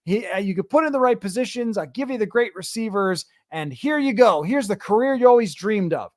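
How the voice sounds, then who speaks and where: A man hosting a sports podcast, talking casually and reading viewer comments with quick, opinionated asides. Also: high-pitched, expressive, a little mellow, no room sound, studio quality. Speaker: podcast host.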